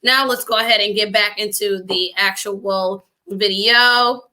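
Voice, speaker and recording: A woman's voice: medium pitch, measured pace. A woman hosting a reaction commentary, chatty and slangy, talking straight to her viewers. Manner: chatty, animated, addresses viewers directly; slangy casual speech. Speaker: commentary host.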